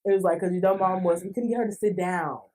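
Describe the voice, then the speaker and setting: Woman, podcast guest, lower voice, earnest chat, recorded from a distance. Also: fast. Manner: earnest, heavy use of "like", lively. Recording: distant mic, roomy.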